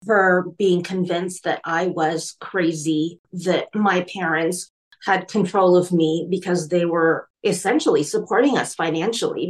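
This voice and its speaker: A woman speaking as an interview guest, telling her own painful story in a candid, halting way. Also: on the low side, rough recording. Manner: candid, halting, emotional retelling. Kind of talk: personal storytelling.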